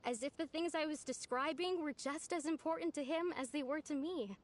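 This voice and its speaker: An actress voicing a gentle young woman in a game who misses a dear friend, speaking softly and sincerely. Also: high-pitched, brisk, a little hiss or hum, natural voice. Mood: wistful. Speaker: game character. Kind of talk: voiced game dialogue.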